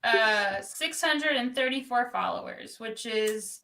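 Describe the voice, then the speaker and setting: A woman from New Jersey co-hosting a podcast, chatting casually and animatedly with quick asides and laughter. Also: fairly high pitch, pushed and bright. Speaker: podcast co-host. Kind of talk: casual chat.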